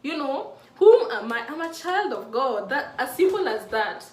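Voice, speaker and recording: A woman's voice: high-pitched, sing-song, moderate pace, a little mellow. A woman in her mid-twenties talking earnestly and emotionally about her faith, with many restarts, in a casual vlog. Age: mid-20s. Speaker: faith vlogger. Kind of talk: casual heartfelt talk to camera. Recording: echoey room from a distant mic.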